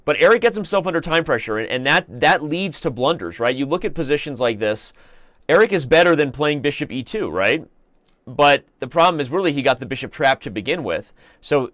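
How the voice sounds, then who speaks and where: A man's voice: medium pitch, fairly bright tone, no room sound. Man, chess stream host, chatty and joking, mid-range voice, dry close mic. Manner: chatty and joking, with playful asides. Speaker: chess commentator and show host. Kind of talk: live chess stream commentary.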